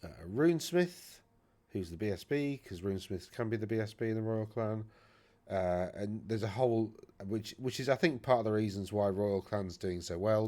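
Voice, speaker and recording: A man's voice: lowish voice, darkish tone. A man hosting a wargaming channel, casually talking through tournament army lists in a rambling, chatty way that often corrects itself. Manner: rambling, chatty, self-correcting with many fillers.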